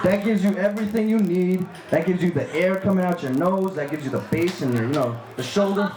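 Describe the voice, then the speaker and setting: A man performing a stand-up comedy set, telling a crude story with animated laughing asides. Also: on the high side. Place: live comedy venue with audience. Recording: roomy live club recording with crowd.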